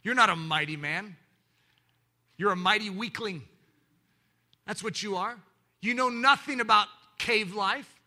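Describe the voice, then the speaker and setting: A male pastor preaching a sermon in an animated way, swinging between loud emphasis and hushed, intimate moments. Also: high-pitched, measured pace, pauses often.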